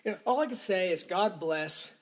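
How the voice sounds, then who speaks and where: A man's voice: sits high, lively intonation, normal speed. A man hosting a podcast, delivering a rambling, indignant solo rant full of profanity. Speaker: podcast host. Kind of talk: ranting solo podcast monologue.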